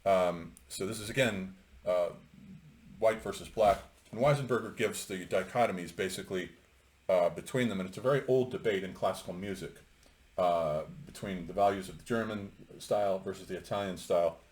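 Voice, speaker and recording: A man's voice: low voice, moderate pace, darkish tone. A middle-aged man giving an unscripted, opinionated commentary on a novel, talking in a rambling way with many fillers. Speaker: lecturer on literature.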